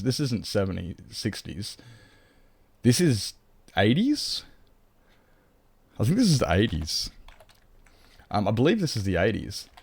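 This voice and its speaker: A man with an Australian accent and a fairly low voice chats away as he plays, rambling and reacting to his viewers. The sound is dry and close. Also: a little mellow, no echo. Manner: rambling, reads and answers chat. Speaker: streamer. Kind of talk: casual chat while playing a game.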